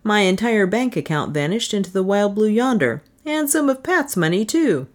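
A woman doing a hapless, excitable male hero. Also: mid-range voice, normal speed, pitched above the performer's own voice, natural voice. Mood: rueful.

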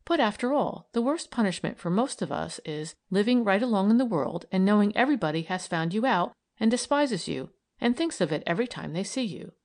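A woman voicing a calm, kindly young woman detective who speaks gently and earnestly. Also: medium pitch, a little fast, few pauses, natural voice.

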